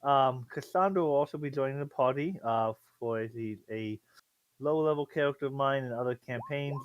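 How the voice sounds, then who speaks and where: A man's voice: mid-range voice, normal speed, lo-fi sound, slight background noise. A man acting as dungeon master on an online call, talking in a rambling, hesitant way with many fillers. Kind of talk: casual chat.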